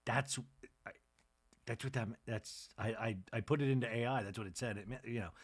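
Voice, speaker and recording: A man's voice: medium pitch, fairly quick, husky. A man hosting a comic recap podcast, chatty and rambling, often interrupting himself. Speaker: podcast host.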